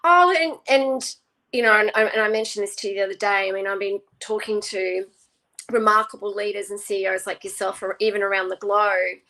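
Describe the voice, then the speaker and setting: A woman's voice: medium pitch, fairly even intonation, fairly quick, sharp tone, low-quality recording. A woman hosting interviews, talking animatedly and acting out the people she quotes. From Australia. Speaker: interviewer host. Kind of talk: casual conversation.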